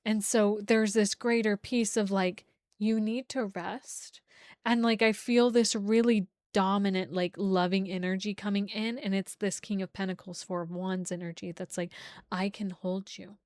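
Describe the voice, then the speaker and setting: A young woman, a tarot reader, gives her viewers a casual, emotional reading, gushing and packing her speech with "like" fillers. Her voice is medium-pitched with a darkish tone, captured in a dry, studio-quality recording.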